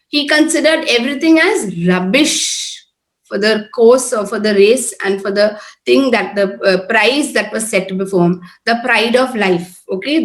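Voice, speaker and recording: Earnest higher-voiced woman preaching. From Oman-based, Indian. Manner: earnest, conversational, repeats tag questions. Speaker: prayer group speaker. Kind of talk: informal sermon talk. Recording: echoey room.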